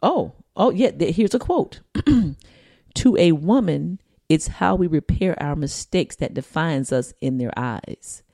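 A sassy woman co-hosting a podcast, talking with a lot of swing in her somewhat low voice. She reads and teases a listener email in loose banter and laughs often. The recording is close and dry. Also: animated, measured pace, creaky, dark tone, no echo. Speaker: podcast co-host.

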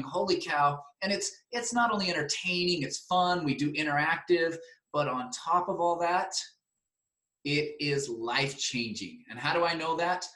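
Man, fairly high voice, energetic promotional chat, echoey room. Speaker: seminar host. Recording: roomy echo.

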